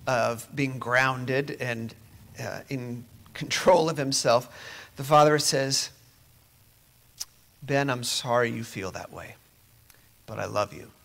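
A man preaching a sermon in a conversational way, dropping to near-whispers at times. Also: fairly high pitch. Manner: conversational, moving between quiet near-whispers and emphatic rises.

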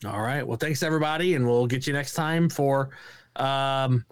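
A man's voice: medium pitch, moderate pace, clean tone, no echo. A man co-hosting a podcast, chatting casually and telling stories with laughs and swearing. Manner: storytelling, swearing, laughing often. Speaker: podcast co-host. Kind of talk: casual chat.

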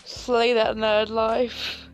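A woman's voice: fairly high pitch, level tone, extremely slow. A young woman hosting a casual podcast chat, sassy and theatrical, swearing a lot as she talks to her viewers. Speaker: podcast host. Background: faint music.

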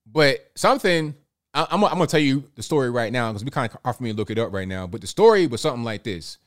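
A fast-talking man with a mid-range, animated voice hosts a live stream, reading super chats from viewers. He chats loosely, chuckling and repeating words often.

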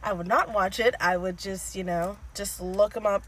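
A woman's voice: mid-range voice, fairly even intonation, normal speed, fairly bright tone, breathy edge, low-quality recording. A woman co-hosting a podcast, gushing in casual chat and filling her talk with "like" and "um.". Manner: gushing, filler-heavy with lots of "like". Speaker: podcast co-host.

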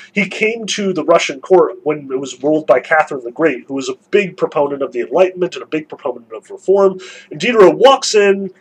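A male lecturer walks through a novel scene by scene, stressing key points. His voice is husky and sits fairly high. He talks analytically and emphatically. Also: poor audio. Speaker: literature lecturer.

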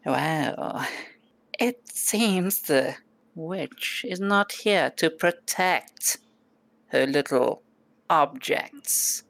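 A woman voicing a calm, smug male goblin leader who drawls his words slowly. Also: sits low, gravelly, dry recording, exaggerated voice. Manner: slow and drawling.

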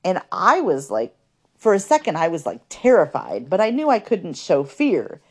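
A woman's voice: fairly low pitch, wildly swooping pitch, moderate pace, a little mellow, slightly rough. A woman telling her life story in a podcast, earnest and conversational, with many fillers.

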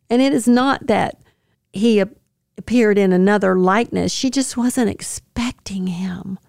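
A woman hosting a devotional podcast, reflecting earnestly and tenderly on scripture, with soft laughs now and then. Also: mid-range voice, creaky, dry recording, clean studio sound. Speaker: podcast host.

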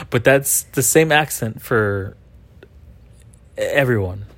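A man's voice: medium pitch, animated, extremely slow, a bit bright, no echo. A man co-hosting a casual podcast chat with his wife, playful and teasing, laughing often. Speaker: podcast co-host.

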